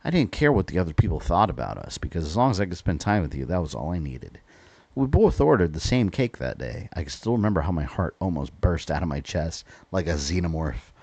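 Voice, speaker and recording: A man's voice: low-pitched, big pitch swings, a little fast, darkish tone, breathy edge, dry recording, full character voice. An American man reading a wistful teenage schoolgirl's note aloud from a horror game, in his own plain voice raised slightly.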